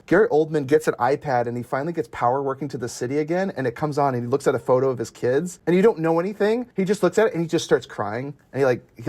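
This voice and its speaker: A young man co-hosting a podcast, talking in an excited, gushing way and laughing often. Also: mid-range voice. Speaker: podcast co-host. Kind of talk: casual chat.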